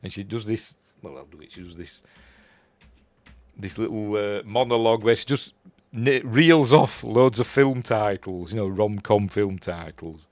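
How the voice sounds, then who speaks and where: Here a film reviewer from Yorkshire, England, has a lowish, unhurried voice with no echo. He loosely recaps a horror film, chuckling along and quoting its characters in a raised voice.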